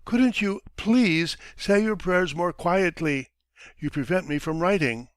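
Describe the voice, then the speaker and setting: A self-pitying little writer moans and complains in a languid, put-upon way, as a man reading a story puts him on. The voice sits higher than a plain speaking voice and drags out its words with weary importance. The sound is dry and close. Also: takes it slowly, no echo. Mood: irritated.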